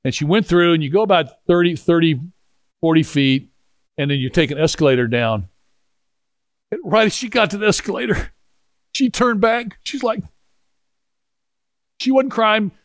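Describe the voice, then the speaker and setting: Pastor, middle-aged man: raised voice, animated, rambling storyteller, dry close sound. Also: sits high, normal speed, pauses often, no echo. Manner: animated, rambling, frequent restarts. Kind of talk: storytelling sermon with prayer.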